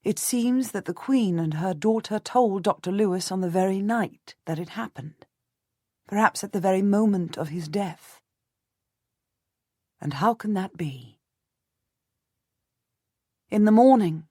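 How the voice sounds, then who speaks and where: A woman narrating a historical audiobook in the first person, measured and composed. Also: lowish voice, a little mellow, no echo, studio quality.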